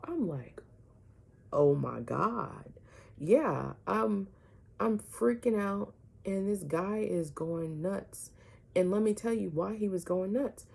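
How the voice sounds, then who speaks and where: A woman vlogger telling a personal story to her viewers, animated, often asking "right?" and dropping some words to a whisper. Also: medium pitch, slow pace, creaky, breathy edge.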